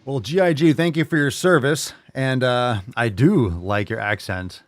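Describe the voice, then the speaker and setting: A man's voice: mid-range voice, a little slow, dry recording. A man hosting a fitness podcast, joking and swearing between casual training advice. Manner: brash, joking, profane, enthusiastic. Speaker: podcast host and fitness coach.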